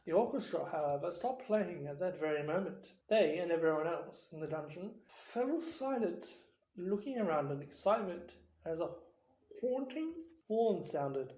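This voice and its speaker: A reader narrating an audiobook in a slow, expressive storytelling manner. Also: medium pitch, echoey room, low-quality recording.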